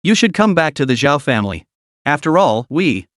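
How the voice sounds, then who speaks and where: A man's voice: fairly high pitch, very animated, moderate pace, dry recording, clean studio sound. A man voicing a scheming, arrogant middle-aged stepmother in an audiobook-style recap, coaxing one moment and icy the next. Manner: coaxing then icy, sly giggling.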